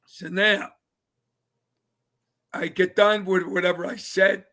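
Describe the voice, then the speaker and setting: An older man, a retired football player, telling lively anecdotes as a guest on a casual fan show, often laughing and mimicking others. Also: high voice, slow.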